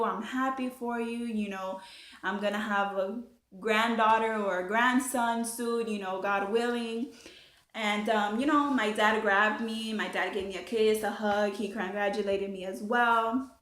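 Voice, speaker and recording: Young woman vlogger, animated storytime chat, mid pitch, echoey room. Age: young adult. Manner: chatty, animated, swears freely, many fillers. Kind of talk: casual storytime.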